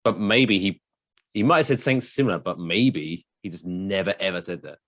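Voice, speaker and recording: Low-voiced interjecting podcast co-host, man. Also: brisk, fairly bright tone, dry recording, studio quality. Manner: apologetic, interrupts with asides. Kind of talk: casual chat.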